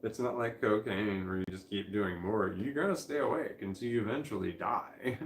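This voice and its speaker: Drowsy rambling man, low-pitched, slightly slurred speech, roomy home recording, faint ambience. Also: moderate pace, slight background noise. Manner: drowsy, rambling, laughs to himself. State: tired and high, slightly slurred. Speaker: vlogger. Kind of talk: casual rambling vlog. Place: at home, lying down in a bedroom.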